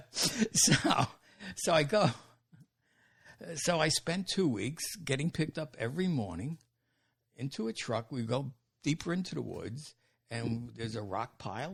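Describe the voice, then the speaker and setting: A man's voice: medium pitch, creaky, breathy edge. An older man, a comedian telling profane stories in a casual interview and acting out the people in them. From New York. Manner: animated storyteller who acts out quotes and swears freely.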